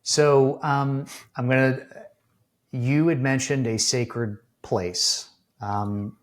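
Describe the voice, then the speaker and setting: A man's voice: mid-range voice, steady tone, drawn-out words. A middle-aged man hosting a podcast, asking searching, rambling questions full of ums and restarts. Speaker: podcast host. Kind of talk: casual interview conversation.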